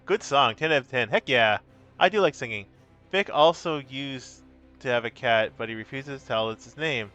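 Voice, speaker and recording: A man's voice: mid-range voice, normal speed, pushed and bright, clean tone, muffled recording, faint music behind. A man streaming a card game, chatting casually with his viewers in a playful, rambling way. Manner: breaks into silly sing-song. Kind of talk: casual live-stream chat.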